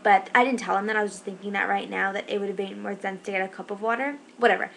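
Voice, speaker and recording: A young woman tells a story in a casual vlog, talking fast and rambling. She sounds exasperated and fills her talk with "like". Faint noise hums under her voice. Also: mid-range voice, fairly even intonation, gravelly, a bit bright, rough recording. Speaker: shift manager.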